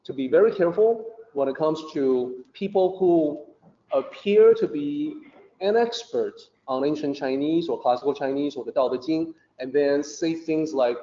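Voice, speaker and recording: A man with a warm, mellow voice that sits a little high, talking a listener through ideas patiently and conversationally. The recording is muffled and echoes around the room. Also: normal speed. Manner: patient, conversational, with many fillers. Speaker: teacher of Taoist philosophy. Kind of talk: explanatory podcast talk. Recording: muffled and roomy.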